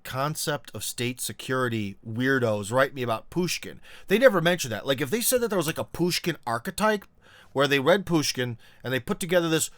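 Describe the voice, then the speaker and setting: A man's voice: mid-range voice, expressive, a little fast, fairly bright tone, no echo. A man hosting a casual live-stream chat, rambling with lots of fillers and joking asides. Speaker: host.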